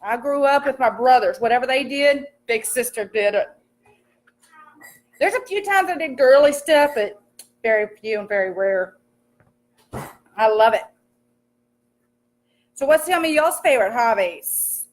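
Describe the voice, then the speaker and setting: Chatty high-voiced young woman on a livestream. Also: animated, measured pace, pauses often. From American countryside. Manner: chatty and upbeat, greets commenters warmly by name, laughs often. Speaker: livestream host cooking while reading comments. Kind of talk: casual chatty livestream while cooking. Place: home kitchen. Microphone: phone camera.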